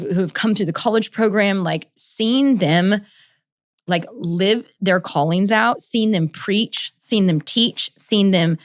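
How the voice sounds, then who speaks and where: A woman's voice: fairly low pitch, no room sound, clean studio sound. A woman in her thirties hosting a casual Q&A podcast, emotional and rambling, full of "like" and "oh my gosh.". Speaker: podcast host and ministry leader.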